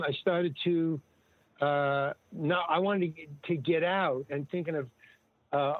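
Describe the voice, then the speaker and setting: A man's voice: on the high side, no room sound. An older man, a guest actor and comedian, telling stories in a casual, rambling way and acting out the dialogue he quotes. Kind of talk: casual conversational storytelling. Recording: tinny dry phone-like line.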